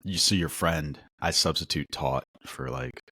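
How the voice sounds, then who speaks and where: A man co-hosting a podcast, rambling through stories in casual chat with an animated, storytelling manner. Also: sits low, a little slow, gravelly, husky, dry recording, studio quality. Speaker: podcast co-host.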